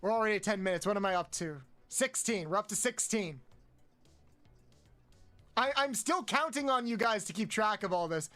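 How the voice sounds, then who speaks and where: A man streaming a game, counting aloud, swearing often and yelping high when frustrated. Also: lively intonation, moderate pace, sharp tone, faint music behind. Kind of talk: casual live-stream chat while playing.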